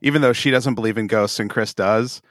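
A man's voice: fairly low pitch, brisk, a bit bright, no echo. Chill guy cohosting a podcast, laughs a lot, says dude, dry close sound. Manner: laid-back, laughs often, says dude. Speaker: podcast co-host. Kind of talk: casual chat.

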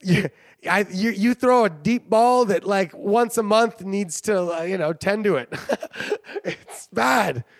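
A man's voice: high voice, slow pace, dry recording, clean studio sound. A man hosting a sports show, rambling and joking in casual commentary, often laughing. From Canada. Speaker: sports podcast host.

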